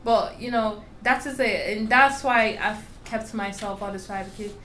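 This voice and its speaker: A woman's voice: mid-range voice, normal speed, sharp tone, a little hiss or hum. A young woman with a strong foreign accent, telling her story candidly and emphatically in an interview. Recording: roomy echo with faint ambience.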